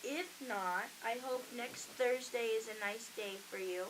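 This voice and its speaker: Heard through poor audio with a crowd in the background, a young adult woman talks unhurriedly in a slightly high voice. She's a college radio host chatting casually, acting out the voices of the people in her stories.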